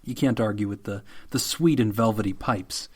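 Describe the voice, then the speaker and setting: A man co-hosting a casual podcast, joking with deadpan mock apologies and laughing often. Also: lowish voice, normal speed. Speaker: podcast co-host. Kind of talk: casual chat.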